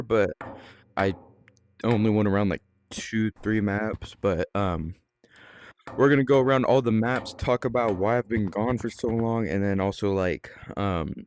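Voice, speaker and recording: A man's voice: on the low side, darkish tone, smooth. A man hosting his own gaming channel, chatting casually as he plays, rambling and filling his talk with ums, restarts and trailing-off phrases. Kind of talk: casual gameplay commentary.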